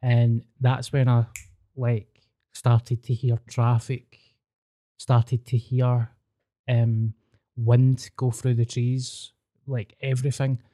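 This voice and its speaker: A Scottish man with a mellow, relaxed timbre tells stories on a podcast. His talk is casual and peppered with swearing. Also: mid-range voice, slow, pauses often. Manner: sweary, storytelling. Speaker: podcast host. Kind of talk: casual chat.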